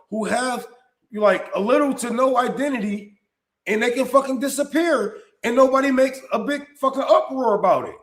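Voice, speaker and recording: A man's voice: very high-pitched, normal speed, roomy sound. A man hosting a live-stream commentary, talking in a profane, heated and blunt way and often restarting his sentences.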